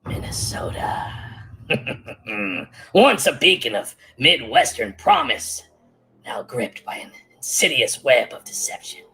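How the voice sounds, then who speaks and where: A man giving ominous documentary narration, slow and dramatic with half-whispered lines. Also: mid-range voice, sing-song, bright, forceful tone, soft background music.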